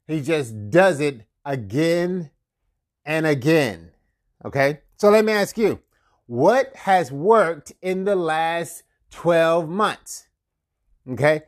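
A man hosting a marketing podcast, giving motivational business advice in an energetic, conversational way with frequent chuckles and repeated catchphrases. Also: a little high. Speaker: podcast host and marketing coach. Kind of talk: casual motivational talk.

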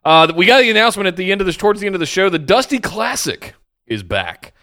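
A man's voice: high voice, very animated, fast, sharp tone. Blunt joking man co-hosting a podcast. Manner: blunt, joking, mock-exasperated. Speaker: podcast co-host. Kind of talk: casual wrestling recap chat.

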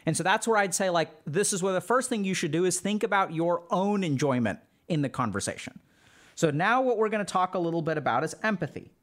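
Male streamer, higher-pitched, relaxed lecturing tone, chatty filler-heavy delivery. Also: fairly quick. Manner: loose and conversational, heavy use of "like". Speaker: streamer teaching social skills. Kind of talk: casual spoken lecture to a live chat.

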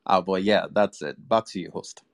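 A man giving a measured, diplomatic film review on a podcast panel, with frequent pauses and fillers. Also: deep voice, creaky, no room sound, studio quality. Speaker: panel guest. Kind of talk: casual panel chat.

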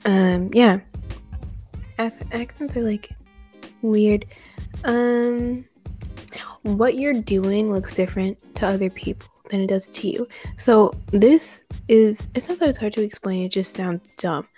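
A woman's voice: medium pitch, slow pace, warm tone, soft background music. A young American woman hosting a casual chat, talkative and teasing, full of likes and fillers. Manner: chatty, filler-heavy, teasing. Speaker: host.

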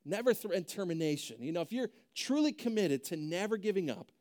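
A man's voice: high-pitched, animated, a little fast, a little mellow. A young adult male pastor preaching a sermon in a conversational way, often checking in with "right?".

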